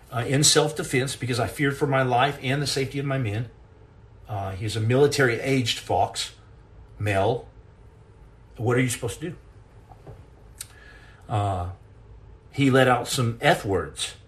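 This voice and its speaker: On a live stream, a former Navy SEAL with a mid-range voice tells comic stories. His delivery is animated and self-mocking.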